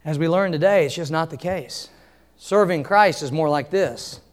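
Folksy preacher man, high voice. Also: normal speed. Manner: folksy storytelling preacher with wide swings in loudness. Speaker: pastor. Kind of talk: sermon.

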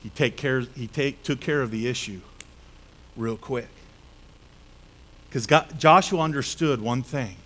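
A male pastor preaching a sermon, telling a Bible story in a lively way and acting out the characters' voices. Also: medium pitch, measured pace, long pauses, a little hiss or hum. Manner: animated storytelling with acted-out voices.

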